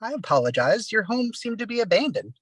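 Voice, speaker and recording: A man's voice: high-pitched, sing-song, brisk, fairly bright tone, husky, no echo, voice pushed up, heavily acted. A man voicing a polite, formal male adventurer in a tabletop game. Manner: courteous, formal.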